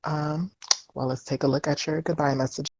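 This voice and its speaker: A woman's voice: deep voice, steady tone, moderate pace, darkish tone, dry recording. A woman hosting an exit interview over an online voice call, easygoing and laughing along with her guest. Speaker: host. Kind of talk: interviewer on a voice chat.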